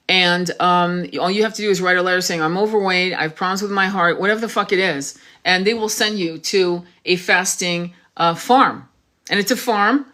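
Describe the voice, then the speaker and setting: Searching online as she talks, a woman running a laid-back tarot livestream gets distracted, curses, and keeps starting over. Her voice sits on the low side and has a slightly bright quality.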